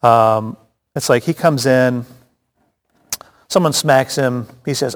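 A man's voice: medium pitch, slow. A man teaching a casual Bible study, chatty and joking, with frequent restarts and asides. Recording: long hall reverb.

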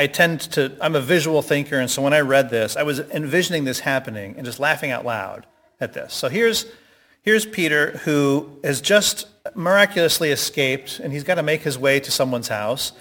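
A man leading a Bible study discussion, reading scripture and explaining it in an animated, halting way with many restarts. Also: medium pitch. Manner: animated, halting, self-correcting.

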